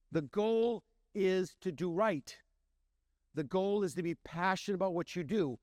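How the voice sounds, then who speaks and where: Middle-aged man, chef and owner, high voice, animated storyteller, dry close sound. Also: no room sound. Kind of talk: storytelling talk.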